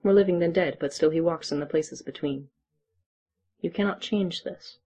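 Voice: mid-range voice, normal speed, mellow, slightly rough. A storyteller voicing a stern old she-wolf guardian in an audiobook-style reading, speaking in clipped, terse phrases. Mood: blunt.

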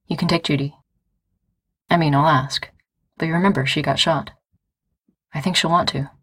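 A woman's voice: low voice, steady tone, moderate pace, fairly bright tone, slightly rough. A woman reading the part of an earnest young man in charge of the carriers, hesitant and a little stammering. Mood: reassuring. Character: young man, postal chief, warm and earnest.

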